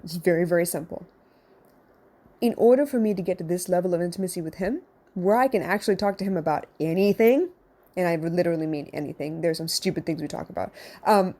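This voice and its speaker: A woman hosts her own advice talk, speaking bluntly and directly to her listeners as a counselor would. Her voice has a warm, mellow tone at a middling pitch. She talks in a casual, conversational way and drops the odd curse word. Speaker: podcast host and counselor.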